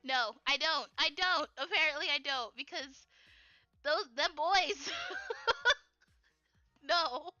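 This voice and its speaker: A young adult woman chatting casually while she draws on a live stream, rambling in an animated way with lots of fillers and giggles. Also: high-pitched, takes it slowly, long pauses, dry recording, muffled recording, soft background music. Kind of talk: casual chat while drawing.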